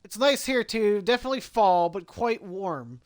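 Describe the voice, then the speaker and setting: A man's voice: high voice, lively intonation, normal speed. A man voicing an earnest young male doctor in his first job, read aloud plainly. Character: young male doctor, nervous new resident.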